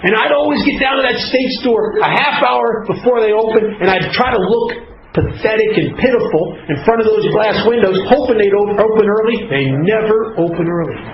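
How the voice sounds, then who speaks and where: A man's voice: high-pitched, normal speed. A man telling his own recovery story to a group, in an earnest, confessional way. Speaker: recovery speaker. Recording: echoey, muffled, noisy hall recording.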